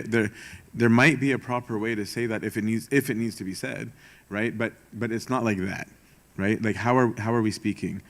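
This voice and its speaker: A young man, a priest giving a conversational retreat talk, informal and wry, often checking in with "right?". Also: mid-range voice. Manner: informal, rhetorical, frequent "right?" and "um"; self-aware sarcastic humor. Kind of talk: conversational sermon.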